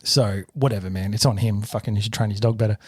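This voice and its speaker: Australian male podcaster, 30s, animated sweary storyteller, dry mic. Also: on the low side, fast talker, husky, no echo. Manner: sweary, animated retelling with shouted quotes. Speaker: podcast co-host. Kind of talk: casual storytelling.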